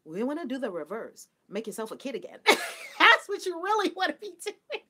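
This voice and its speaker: A woman hosting a casual spiritual talk for her viewers, animated and playful, laughing often and mimicking people. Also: high-pitched, normal speed. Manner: mimics people in a flat, dutiful voice. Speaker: spiritual livestream host.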